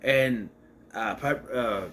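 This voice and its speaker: A man's voice: mid-range voice, slow pace, fairly bright tone, a little hiss or hum. A man casually recapping and reviewing a TV episode, rambling and correcting himself as he acts out the scenes.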